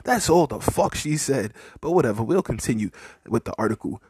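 A man's voice: mid-range voice, animated, brisk, a little mellow, slight background noise. A man giving rambling, profane opinion commentary, firing off heated, mocking rhetorical questions at his listeners. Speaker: commentary podcaster.

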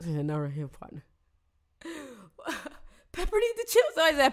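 A woman's voice: high-pitched, huge pitch swings, normal speed. A woman on a casual live stream, reading viewers' astrology in a chatty, playful, slangy way and teasing her audience.

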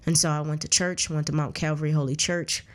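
A woman's voice: low voice, little pitch movement, fast. A woman in her thirties, a guest in an interview, telling her life story in a candid, earnest way, often restarting her sentences. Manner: acts out others' words in a raised voice. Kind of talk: casual personal storytelling.

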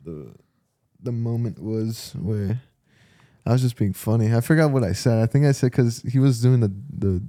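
A man's voice: mid-range voice, normal speed, warm tone, no room sound, studio quality. A young man co-hosting a podcast, telling a rambling story with lots of restarts in casual chat. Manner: rambling, laid-back, trailing restarts. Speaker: podcast co-host.

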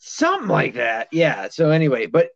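A man's voice: fairly high pitch, wildly swooping pitch, moderate pace, vocal fry, muffled recording, crowd noise. A man in his thirties hosting a podcast in a casual chat, swearing freely and laughing often. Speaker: podcast host.

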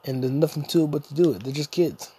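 A man's voice: on the high side, fast, mellow, husky. A man hosting a solo podcast, ranting in a crude, rambling, jokey way with bits of singing. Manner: profane, rambling, jokey, sings snatches. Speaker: podcast host.

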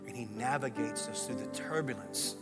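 Preaching man over soft music. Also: mid-range voice, normal speed. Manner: storytelling, swings from hushed to loud excited retelling. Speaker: pastor. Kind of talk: sermon.

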